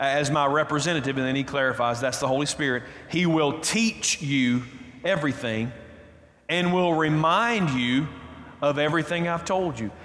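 A man's voice: a little high, fairly bright tone. A man preaching a sermon as pastor, emphatic and repeating his key phrases. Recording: reverberant hall, roomy echo.

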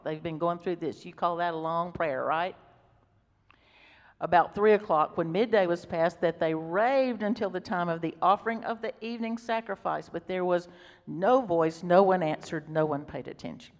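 A woman's voice: lowish voice, a little mellow. A woman preaching a sermon, reading scripture emphatically and breaking off into casual explanatory asides. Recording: reverberant hall.

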